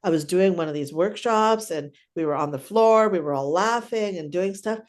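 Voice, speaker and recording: Older lady w a low voice, clown teacher, chatty storytelling, lots of "right?". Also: moderate pace. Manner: animated, chatty, keeps adding "right?". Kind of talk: casual storytelling interview.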